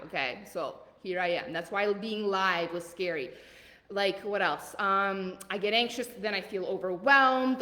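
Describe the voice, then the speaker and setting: A woman with a Southern accent leading a live coaching call in a blunt, energetic, motivational way, asking questions and answering them. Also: mid-range voice, big-room sound. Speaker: leadership coach.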